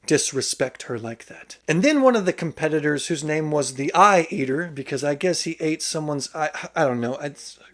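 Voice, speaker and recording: Joking male book reviewer, slightly high voice. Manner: joking, sarcastic asides. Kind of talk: casual book summary vlog.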